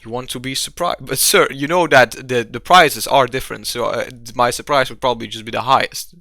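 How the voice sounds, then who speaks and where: A man voicing a loud, over-polite male tavern keeper in a tabletop game, with haggling salesman patter. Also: mid-range voice, a little fast, gravelly, no room sound. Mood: salesy.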